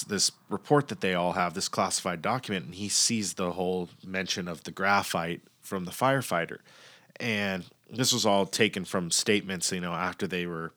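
Deep-voiced man, casual show recap, swears freely, acts out quotes. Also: bright, forceful tone. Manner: loose, profane storytelling with acted-out quotes.

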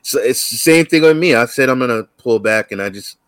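A man's voice: medium pitch, expressive, fairly quick, a bit bright, clear, resonant tone, no room sound. A man co-hosting a casual live stream, laid-back, often repeating words as he talks. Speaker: regular co-host.

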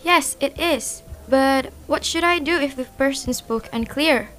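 A woman's voice: sits high, measured pace, a bit bright. A woman with an Indonesian accent playing an eager, slightly anxious young office worker learning phone manners. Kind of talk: scripted educational role-play.

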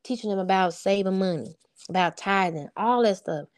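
A woman's voice: mid-range voice, moderate pace. A woman talking informally and from the heart as an interview guest, a single mother speaking about her sons. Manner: earnest, heartfelt and informal, with frequent "you know what I'm saying". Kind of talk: casual heartfelt interview chat.

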